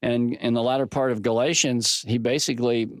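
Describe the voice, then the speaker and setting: A middle-aged man talks through scripture in a folksy, conversational way, slipping into animated voices for quoted dialogue. His voice sits at an ordinary pitch and sounds dry and close. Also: fairly quick, no room sound. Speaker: Bible teacher. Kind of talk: conversational Bible teaching with stories.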